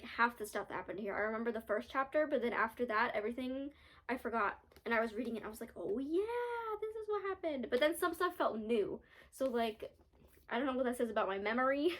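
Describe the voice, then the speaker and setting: A woman's voice: a little high, husky. A young woman chatting casually in a reading vlog, bubbly and giggly, with lots of filler words. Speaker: book vlogger.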